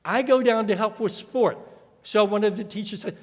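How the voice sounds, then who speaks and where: An American man with a high voice preaches a sermon at a normal speed in an echoey church hall. He tells stories and acts out the voices of the people he quotes.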